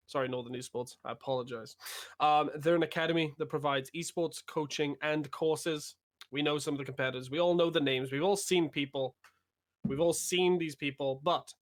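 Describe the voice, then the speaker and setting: A man's voice: on the high side, fairly bright tone. Chatty male co-caster. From United Kingdom. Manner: chatty, self-deprecating, wordy. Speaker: esports co-caster. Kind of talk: live game commentary.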